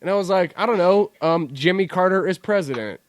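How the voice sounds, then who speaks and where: A man's voice: high voice, fairly quick, slight background noise. A young man co-hosting a podcast, playfully stirring up arguments between his friends. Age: young adult. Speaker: podcast co-host. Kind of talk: casual chat.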